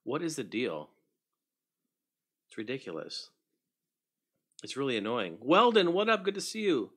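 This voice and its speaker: A man's voice: mid-range voice, very animated, measured pace, fairly bright tone, slightly rough. A man hosting a casual livestream, chatting loosely, greeting viewers by name and muttering to himself while he fixes his setup. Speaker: livestream host.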